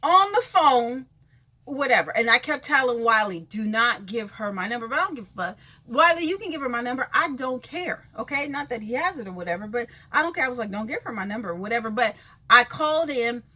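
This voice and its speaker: A woman's voice: fairly high pitch, lively intonation, a little fast, pushed and bright. A woman venting in a casual video rant, blunt and sassy, cursing freely and talking straight to people she calls out. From California. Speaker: vlogger.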